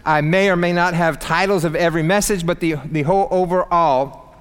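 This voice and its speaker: A man preaching a casual, emphatic sermon in a church, with sudden loud peaks. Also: on the high side, steady tone, fairly quick, clean tone. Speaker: pastor. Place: church sanctuary. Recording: long hall reverb.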